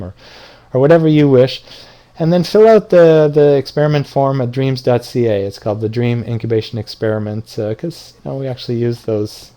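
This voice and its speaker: A man's voice: medium pitch, fairly quick, dark tone. A middle-aged man who teaches lucid dreaming, casually telling a dream story to an audience and acting out the lines he quotes with a raised voice.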